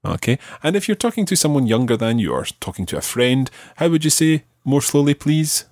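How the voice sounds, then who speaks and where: A man's voice: mid-range voice, sing-song, fairly quick, darkish tone, dry recording, clean studio sound. A man teaching a language lesson on a podcast, patiently prompting his learner with questions.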